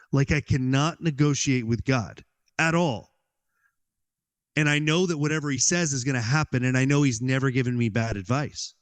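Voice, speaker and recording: A man as a podcast guest, telling a personal story in an animated way and acting out his own inner dialogue, with many "like"s. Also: on the high side.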